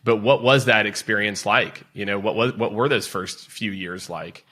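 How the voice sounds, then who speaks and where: A man's voice: fairly low pitch, normal speed, a crowd in the background. A man hosting a podcast, asking loose, rambling questions full of fillers. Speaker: podcast host. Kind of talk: casual interview questions.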